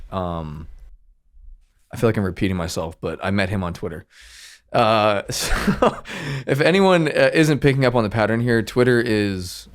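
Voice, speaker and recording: On a laid-back podcast, a music producer speaks in a fairly low male voice. He rambles casually, circling back over his ideas and leaning on plenty of filler words.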